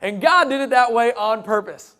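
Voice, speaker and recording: High-voiced, joking male lecturer. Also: moderate pace, smooth. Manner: joking, animated, playful asides. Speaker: creationist speaker. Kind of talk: humorous lecture to an audience.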